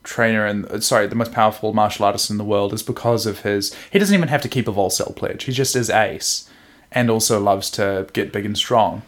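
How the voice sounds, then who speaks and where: A man's voice: on the low side, fairly even intonation, fairly quick. A man co-hosting a podcast, chatting casually about a manga, joking and laughing often. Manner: jokey, laughs often, retells scenes in voices. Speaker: podcast co-host.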